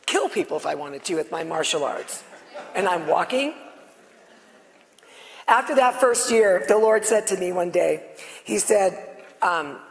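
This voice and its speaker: A middle-aged woman on stage, giving a loud, passionate, excitable testimony to a live audience. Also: mid-range voice. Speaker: guest speaker sharing her healing testimony. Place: on stage before a live audience in a large hall. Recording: long reverb of a large hall.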